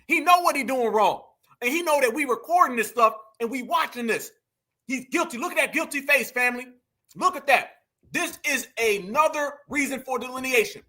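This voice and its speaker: This commentary channel host has an extremely high, bright voice with a forceful tone. He reacts to video clips and addresses his viewers directly and emphatically, treating them as family and repeating himself for effect.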